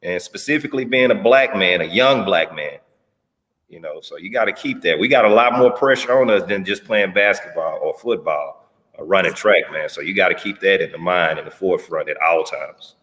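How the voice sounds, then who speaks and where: A man's voice: low voice, moderate pace, fairly bright tone, big-room sound. A man in a casual talk giving earnest advice to a young player. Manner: earnest, advising.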